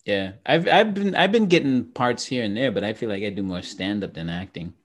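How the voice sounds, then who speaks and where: A man's voice: lowish voice, brisk. A man from Trinidad, a comedian and actor, telling stories in casual chat and laughing often. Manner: animated storyteller, laughs often.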